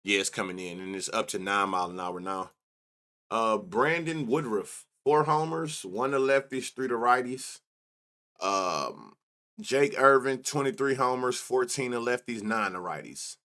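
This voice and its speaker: A man's voice: medium pitch, expressive, unhurried, pushed and bright. A man hosting a sports betting show, thinking aloud in casual chat as he reads off numbers and mutters to himself. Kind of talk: casual solo stats rundown.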